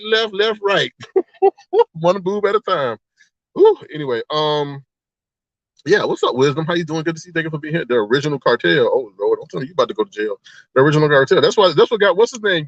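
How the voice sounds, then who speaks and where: High-voiced gossipy man on a dull stream. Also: expressive, fairly quick, a bit bright, no room sound. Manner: chatty, gossipy and teasing, greeting viewers one by one; laughs often and breaks into exaggerated outbursts. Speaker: livestream host. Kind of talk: casual livestream chat. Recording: dull, lo-fi dry sound.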